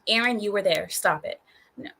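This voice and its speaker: A hoarse woman hosting a casual live stream, teasing and scolding her viewers in a mock-stern way. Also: medium pitch, normal speed, sharp tone. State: hoarse from screaming. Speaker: livestream host.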